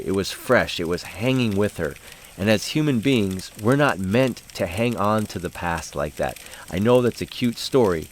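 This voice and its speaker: Lower-voiced man leading a Bible study. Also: slight background noise. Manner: conversational storytelling with fillers; slows and softens for reflective points. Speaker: host and Bible study leader. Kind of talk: casual devotional talk.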